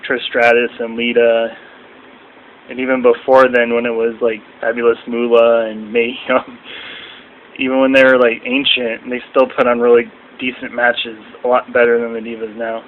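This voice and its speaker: A young man in a casual, rambling video review at home, now and then mimicking people in shrill voices. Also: flat delivery, normal speed, phone-quality sound, slight background noise. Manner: rambling, acts out quotes in shrill mocking voices. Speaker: vlogger reviewing wrestling.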